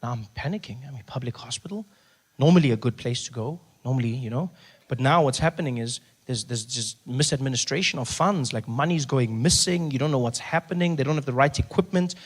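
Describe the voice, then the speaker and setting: A young man with a South African accent telling an animated, exasperated stand-up story. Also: mid-range voice, a little fast. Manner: animated, exasperated, shouting outbursts. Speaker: stand-up comedian.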